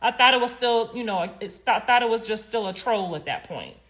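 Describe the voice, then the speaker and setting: A woman's voice: fairly high pitch, lively intonation, a little fast, fairly bright tone. A woman and mother on a livestream, ranting bluntly and indignantly, with lots of swearing. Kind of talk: heated live-stream rant.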